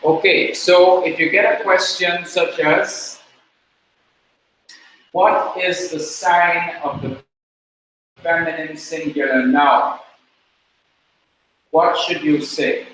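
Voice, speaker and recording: A man teaching a class, talking slowly and repeating words for the students to drill. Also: on the high side, fairly even intonation, fairly bright tone. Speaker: Hebrew teacher. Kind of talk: classroom lecture. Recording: very echoey room, mic far off, faint noise.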